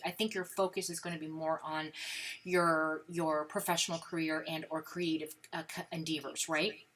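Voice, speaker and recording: A woman with a Brooklyn accent giving a chatty live-stream tarot reading, talking straight to the viewer with plenty of fillers. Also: mid-range voice. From New York. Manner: chatty, animated, lots of fillers. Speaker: tarot reader.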